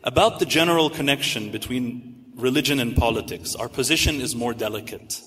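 A man reading out the lines of a scheming old senior male devil in a measured, slightly lower voice. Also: a bit bright, lightly acted. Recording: echoey hall reverb.

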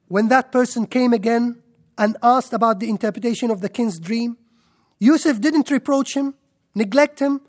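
A man giving a sermon in an emphatic way, stacking up lists and rhetorical questions. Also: extremely high pitch. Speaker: preacher.

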